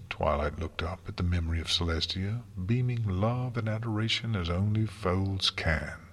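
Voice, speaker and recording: A man narrating a fantasy story in a calm, steady audiobook reading. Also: deep voice, moderate pace, hardly any pauses. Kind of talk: audiobook reading of fan fiction.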